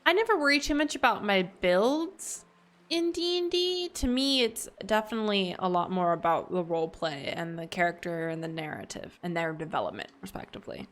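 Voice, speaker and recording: A Southern American woman with a Southern accent streams a game while chatting and rambling casually with her live audience. Her mid-range voice is animated and a bit bright, and she talks briskly.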